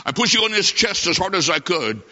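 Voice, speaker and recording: A man preaching a sermon, telling a story dramatically with slow delivery and long pauses. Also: sits high, big pitch swings, sharp tone. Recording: hall reverb, dull lo-fi sound.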